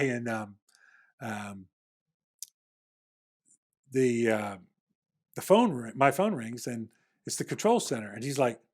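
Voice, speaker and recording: Middle-aged man telling a rambling story. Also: medium pitch. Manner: rambling anecdote with frequent restarts, acts out the dialogue. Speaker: podcast guest, former security agent. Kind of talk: casual storytelling in a podcast interview.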